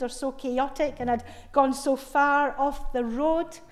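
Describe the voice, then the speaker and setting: A woman preaching a sermon, retelling a story in a measured way and stressing key words with feeling. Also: high-pitched. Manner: slow, measured retelling with emphatic, heartfelt stresses. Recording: long reverb of a large hall.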